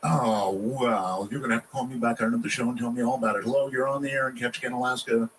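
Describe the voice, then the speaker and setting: A man hosting a call-in radio show, moving through callers quickly and cutting them off curtly. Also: mid-range voice, steady tone, fairly bright tone, far from the mic, slight background noise, poor audio. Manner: brisk, curt call screening. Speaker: radio talk show host.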